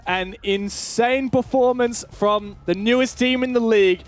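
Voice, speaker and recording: A very high-pitched man calling an esports match. He talks quickly and pushes up into excited shouts whenever the action turns. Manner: fast, rising to shouts at big plays. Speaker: play-by-play caster. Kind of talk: esports commentary.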